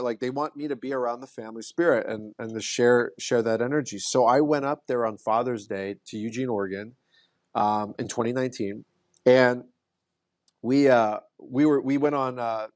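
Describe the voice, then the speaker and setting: A man at a mid pitch, a podcast guest speaking in relaxed conversation. He tells his story earnestly and keeps restarting phrases. His voice is close and dry, with no room sound. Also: dry recording. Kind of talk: casual conversation.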